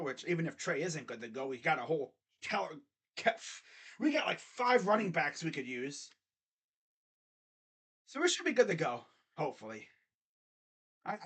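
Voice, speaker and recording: Young male sports streamer, high voice, rambling and jokey, casual live reaction. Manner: animated, rambling, jokey with mocking asides. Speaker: sports channel host.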